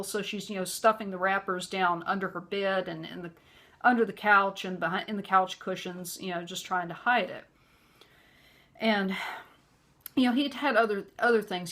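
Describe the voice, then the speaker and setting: A woman recounting her own experiences in an earnest, conversational manner. She talks at a moderate, middle pitch and keeps filling her pauses with "you know". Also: a bit bright. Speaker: vlogger. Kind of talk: personal storytelling.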